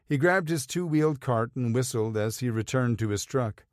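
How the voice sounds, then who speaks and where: A male audiobook narrator reads a romance story in an even, measured manner. His voice sits at a medium pitch, and the recording is studio-quality with no room sound.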